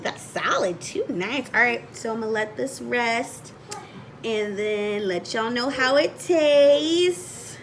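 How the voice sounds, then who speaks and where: A young woman vlogging as she bakes at home in her kitchen, chatty and excitable, and she laughs often. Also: medium pitch, slow pace, slight background noise. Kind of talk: casual home baking vlog.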